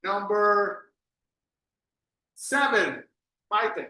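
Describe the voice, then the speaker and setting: A man's voice: high voice, expressive, drawn-out words, sharp tone, roomy sound, low-quality recording. A man teaching an English class, patiently correcting students and drilling pronunciation.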